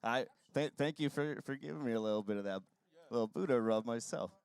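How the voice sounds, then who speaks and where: A man interviewing a fellow musician, asking casual questions with halting, stammering restarts. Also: mid-range voice, a little mellow, clear, resonant tone, no echo.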